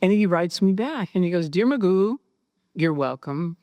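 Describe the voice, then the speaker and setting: A woman recounting her personal experiences, animated and acting out the dialogue she quotes. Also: fairly low pitch, moderate pace, no echo, dull audio. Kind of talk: personal storytelling.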